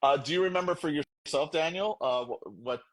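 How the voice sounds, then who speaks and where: A man's voice: a little high, moderate pace. A man who works as a textile designer, chatting casually and joking playfully about himself. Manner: playful, jokey self-promotion. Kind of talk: casual group chat.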